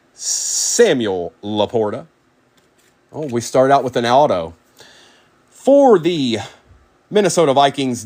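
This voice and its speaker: A man hosting a live card break, rapidly calling out player names and chatting with viewers by name. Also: mid-range voice.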